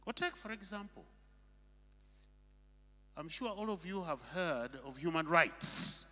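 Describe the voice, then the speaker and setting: A man's voice: sits high, lively intonation, measured pace, bright, forceful tone. A male pastor preaching a sermon, emphatic and full of rhetorical questions. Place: church hall. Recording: long reverb of a hall.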